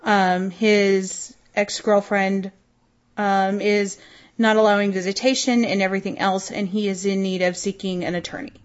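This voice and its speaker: A woman's voice: medium pitch, little pitch movement, normal speed, muffled recording. A woman co-hosting a podcast in casual chat, matter-of-fact with frequent ums. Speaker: podcast co-host.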